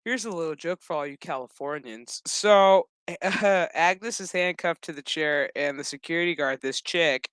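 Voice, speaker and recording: A man's voice: on the high side, unhurried, a bit bright, clean tone, no room sound. A man giving a casual, profane, rambling episode recap with sarcastic asides. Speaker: show recap host.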